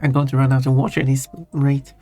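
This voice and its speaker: Male stream host, casual and halting, chuckly, faint music bed. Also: medium pitch, little pitch movement, mellow. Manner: halting, restarts often, chuckles while answering chat. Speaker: livestream host. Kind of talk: casual chat with viewers. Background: faint background music.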